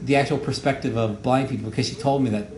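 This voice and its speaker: A man who made the show gives casual audio commentary, rambling and halting with many fillers and repeated words. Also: medium pitch, steady tone, a little mellow. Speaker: show creator giving commentary. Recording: echoey room with faint noise.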